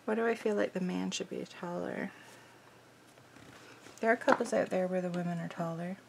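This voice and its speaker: A woman hosting a crafting video, chatting casually and thinking aloud, bubbly and easily excited. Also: fairly low pitch, normal speed, creaky, a little hiss or hum.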